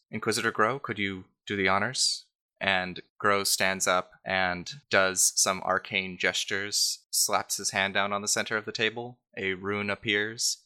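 A man's voice: on the low side, sharp tone, clean tone. A man narrating as game master of a tabletop game, describing scenes with frequent "uh" and "like".

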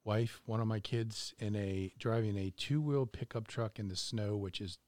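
A middle-aged man telling a story in a measured, casual way, with frequent fillers. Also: lowish voice, a little mellow, no room sound.

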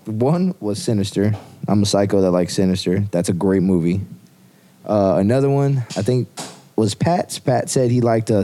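A man's voice: fairly low pitch, dark tone. A man co-hosting a podcast in casual, rambling chat, swearing freely. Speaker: podcast co-host.

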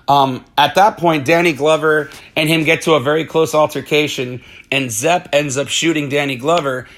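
A man casually recapping a movie plot, animated, acting out the characters' lines and swearing freely. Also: mid-range voice. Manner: animated retelling with acted-out quotes.

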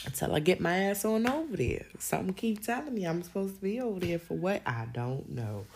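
A woman's voice: lowish voice, sing-song, normal speed, husky. A young woman, hosting a podcast and talking casually and animatedly to her listeners, full of slang and laughter. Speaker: podcast host.

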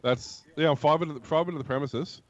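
A man's voice: fairly high pitch, fairly quick, no echo. Male co-host, easygoing explainer, dry lo-fi mic. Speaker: podcast co-host. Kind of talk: casual chat.

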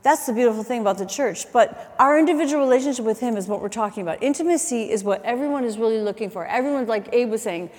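A middle-aged woman preaching a sermon, chatty and animated, telling stories with asides and quick self-corrections. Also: fairly high pitch, long reverb tail. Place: church auditorium.

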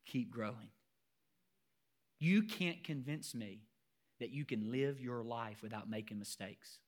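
A man's voice: medium pitch, measured pace. A man preaching a sermon as pastor, emphatic and asking the congregation rhetorical questions.

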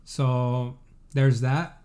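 A young man chatting casually as co-host, speaking in a measured, somewhat hesitant way with false starts. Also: medium pitch, little pitch movement, dark tone. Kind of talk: casual chat.

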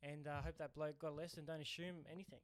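A man's voice: a little high, background noise. Riled-up Australian man telling stories. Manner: animated storytelling, quick to anger. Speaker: podcast co-host. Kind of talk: casual chat.

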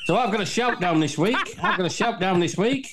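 A man's voice: sits high, expressive, a little fast, background noise. A man co-hosting a satirical podcast chat, ranting brashly in mock outrage. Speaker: podcast co-host. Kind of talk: satirical pub-style chat.

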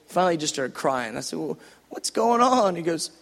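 High-voiced man preaching in a hall. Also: big pitch swings, brisk, creaky. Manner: impassioned, builds to loud repeated phrases then drops to a hush. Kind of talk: sermon.

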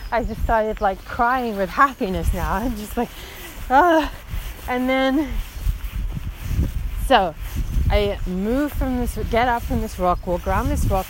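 A woman hiker recounts a frightening hike in an unhurried, emotional way that is full of fillers. She was recorded on a phone outdoors, with clear background noise behind her voice. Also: on the high side. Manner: emotional, breathless retelling with many fillers. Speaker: long-distance hiker. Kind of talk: personal storytelling recording.

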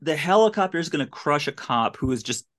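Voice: medium pitch, lively intonation, a little fast, fairly bright tone. A podcast host giving a casual, comedic recap of a film, with incredulous, sarcastic commentary.

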